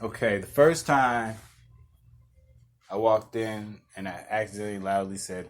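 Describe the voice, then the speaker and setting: A man's voice: lowish voice, fairly even intonation, measured pace. A young man hosting a podcast, telling a rambling, laid-back story with restarts and chuckles. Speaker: podcast host. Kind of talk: casual storytelling monologue.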